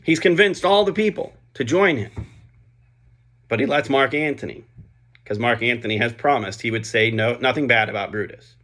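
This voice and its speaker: A man's voice: mid-range voice, normal speed, fairly bright tone. A man retelling a play's plot in a casual spoken summary, chatty, with frequent fillers and asides.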